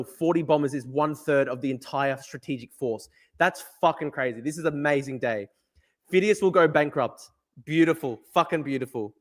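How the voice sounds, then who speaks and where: A man hosting a live-streamed news show who reacts to chat, swears hard and repeats himself for emphasis. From Australia. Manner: profane, emphatic, repeats himself, mocks in a high voice. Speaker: livestream news host.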